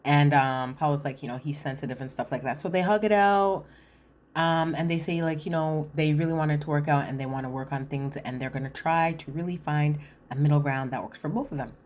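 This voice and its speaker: Low-voiced woman chatting through a recap. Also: steady tone, fairly quick, darkish tone. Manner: chatty, filler-heavy retelling with acted-out quotes. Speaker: reality TV commentator. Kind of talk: casual recap commentary.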